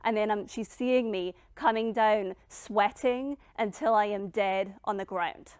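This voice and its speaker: Slow, dramatic woman motivational speaker. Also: medium pitch, darkish tone, smooth, no echo, studio quality. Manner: emphatic, slow with dramatic pauses, blunt and profane. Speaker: founder and keynote speaker.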